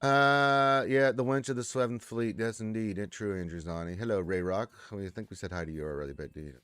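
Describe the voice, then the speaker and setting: A man's voice: on the low side, brisk, a bit bright, clear, resonant tone, dry recording. A man hosting a casual gaming livestream, chatting loosely and reading viewer comments with a joking manner. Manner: laid-back, rambling, joking. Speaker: livestream host.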